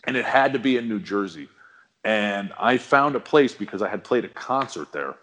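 Guy in his middle years, kinda low voice, chatty and rambling, says dude and bro a lot. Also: lively intonation, normal speed, a bit bright. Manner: rambling, laid-back, slangy. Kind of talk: casual storytelling.

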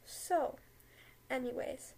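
A woman's voice: takes it slowly, a little mellow, rough recording. A young woman hosting a casual podcast, rambling with lots of fillers and giggles, then reading a story aloud at home. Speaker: podcast host. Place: home room with a dog.

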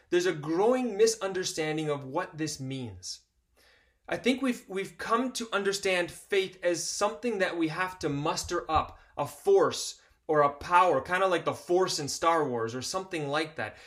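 Expressive high-voiced male preacher. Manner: expressive, acts out voices in Bible readings; earnest, emphatic, repeats key phrases. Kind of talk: sermon.

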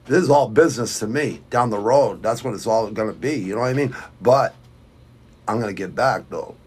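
With a breathy edge to his medium-pitched voice, a middle-aged podcast host from Southwest Quincy, Massachusetts, reads viewer comments on his fight show. His Boston accent carries a blunt, rambling rant laced with heavy profanity.

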